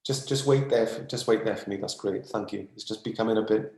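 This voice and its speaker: A man channelling in a spiritual session. He talks earnestly and excitably, repeats phrases, sighs often, and sounds overwhelmed as he calms himself down. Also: on the low side, fairly quick, echoey room. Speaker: psychic channeller.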